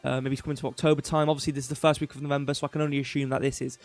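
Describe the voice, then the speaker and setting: A man's voice: mid-range voice, little pitch movement, very fast. A young man hosting a casual crypto livestream, rambling with lots of fillers and offhand jokes. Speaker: crypto news host.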